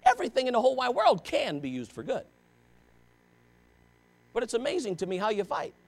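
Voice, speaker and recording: Brisk and very high-voiced, with huge swings in pitch, a pastor preaches straight at his congregation. His sermon is impassioned yet conversational, and he presses his listeners with rhetorical questions.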